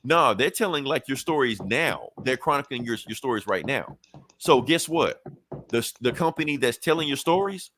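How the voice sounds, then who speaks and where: A man hosting a podcast, recapping a comic in a casual, animated way, swearing freely and briefly acting out characters' lines. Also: mid-range voice, moderate pace, a little hiss or hum. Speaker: podcast host.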